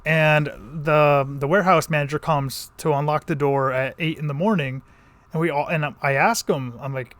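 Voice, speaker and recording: A man's voice: a little high, fairly even intonation, moderate pace, fairly bright tone, no room sound. A man from the Connecticut countryside telling a long story in a casual vlog, rambling with many restarts and fillers. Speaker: vlogger.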